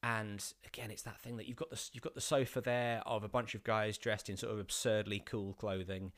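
A man, an actor, telling a casual anecdote with many restarts and animated bursts. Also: lowish voice, a little fast. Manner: rambling with many restarts, rising to animated outbursts.

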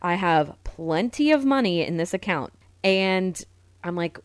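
A woman's voice: fairly low pitch, lively intonation, normal speed, no room sound. A woman in her thirties co-hosting a podcast, telling a story in a chatty, self-mocking way. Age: 30s. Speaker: podcast co-host. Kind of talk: casual podcast chat.

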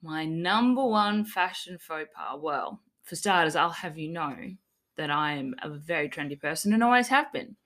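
A woman's voice: sits low, lively intonation, normal speed, a bit bright. A young Australian woman co-hosting a casual podcast, cheeky and swearing freely, with a slight lisp from fresh dental fillings. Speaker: podcast co-host.

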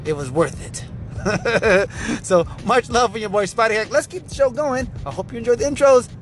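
A man's voice: very high-pitched, fairly even intonation, normal speed, slight background noise. A male podcast host chatting casually and rambling while he drives. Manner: rambling, self-promoting, chatty. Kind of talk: casual chat. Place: car while driving.

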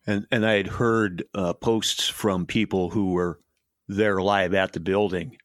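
A man co-hosting a podcast in casual chat, talking in a halting way with many restarts. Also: deep voice, fairly even intonation, no echo, studio quality. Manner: hesitant, lots of restarts and uh's. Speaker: podcast co-host.

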